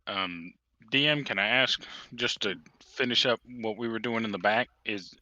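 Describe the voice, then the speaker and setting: A man's voice: fairly low pitch, normal speed, sharp tone, no echo, dull audio. A man playing a tabletop game, asking the game master tentative, trailing questions. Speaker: player. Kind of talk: casual tabletop play.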